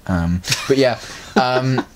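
A man's voice: medium pitch, slow pace, noisy background. A man telling rambling stories as an interview guest in casual chat. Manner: rambling, chatty storytelling with many restarts. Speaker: interview guest, prop maker. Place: bedroom at home.

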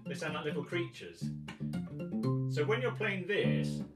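A man from England leads a guitar workshop in a relaxed, thinking-aloud way, his pitch rising and falling a lot as he sings rhythms out loud. He sits away from the mic in a roomy space, with loud guitar playing around his words. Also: slow, recorded from a distance. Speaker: guitar teacher. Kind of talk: workshop teaching with guitar demos.

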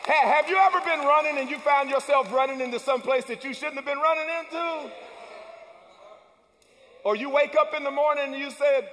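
A man preaching a sermon as pastor, with call-and-response lines that build up to shouts. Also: very high-pitched, moderate pace. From United States. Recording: long church hall reverb.

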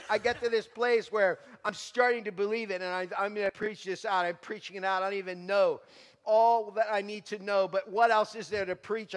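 A male pastor giving his testimony as a sermon, passionate, moving from hushed to loud preaching. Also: high voice, big-room sound.

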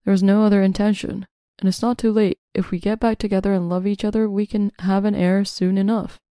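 A woman voicing a self-serving, cheating middle-aged husband in a scripted story, in a flat, even delivery. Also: medium pitch, brisk, clear, resonant tone, no room sound, clean studio sound, close to an everyday voice. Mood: pleading.

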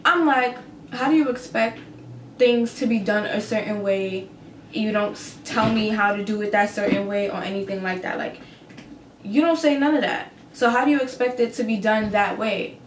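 A young adult woman vlogger recounting a story in a casual, animated, swearing, incredulous way. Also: mid-range voice, moderate pace, a little hiss or hum. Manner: animated, profane, incredulous retelling. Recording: roomy echo with faint ambience.

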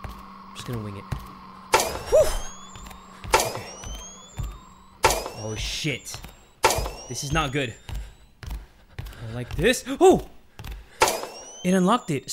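A man giving jumpy, joking let's-play commentary on a horror game, often breaking into loud screams. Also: sits high, sing-song, normal speed, pauses often, heavy background noise. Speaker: gaming YouTuber.

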